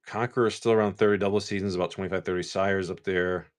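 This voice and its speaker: A man's voice: low voice, steady tone, fast. A man from Massachusetts hosting a casual live stream, rambling in a laid-back way and swearing freely. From Massachusetts, USA.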